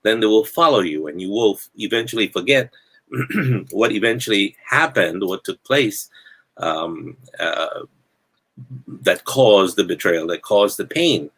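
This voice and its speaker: A man hosting a talk show, speaking in a halting, reflective way with many fillers and restarts. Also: on the low side, expressive, a bit bright, slightly rough. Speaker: podcast host.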